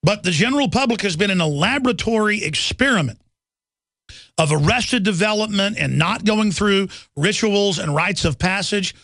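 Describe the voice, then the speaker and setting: A man's voice: high voice, expressive, moderate pace, a bit bright, no room sound. A middle-aged man hosting a talk radio show, delivering an urgent, ranting monologue full of "uh" fillers. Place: radio studio.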